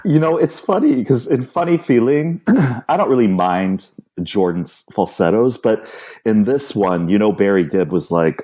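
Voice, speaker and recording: A man with a fairly low voice co-hosts a podcast, chatting casually in an animated way and laughing easily.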